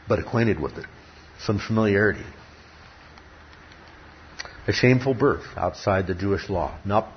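A man's voice: fairly low pitch, animated, moderate pace, pauses often, slightly rough. A man teaching from the Bible. He stresses key words by repeating them and throws rhetorical questions at his listeners. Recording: dull lo-fi recording with faint ambience.

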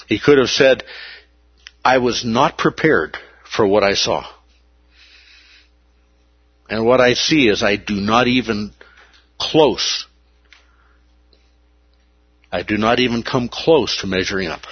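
A man's voice: fairly low pitch, slow, long pauses, husky, no echo, muffled recording. A man preaching a sermon, emphatic and repeating key words for weight.

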